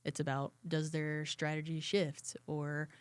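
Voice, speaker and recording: Very low-pitched woman, measured and dry. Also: flat delivery, smooth, no echo. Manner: measured, thoughtful, asks rhetorical questions. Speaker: podcast co-host. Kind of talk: casual chat.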